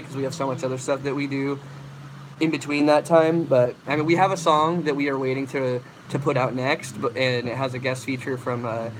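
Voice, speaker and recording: A young man with a mid-range voice casually hosts a livestream, rambling as he answers chat questions about vocals and demonstrates screams. Background noise can be heard.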